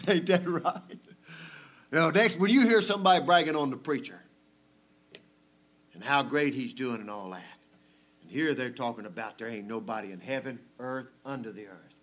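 A man preaching a sermon, his voice sitting at an everyday middle pitch. He talks to the congregation in a folksy, conversational way. His delivery swings between loud emphasis and quiet, hushed asides, with frequent chuckles. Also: fairly quick.

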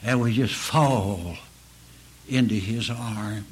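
A man preaching a sermon, slow and earnest, pleading with his listeners and rising to emphatic peaks. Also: fairly low pitch, breathy edge, rough recording.

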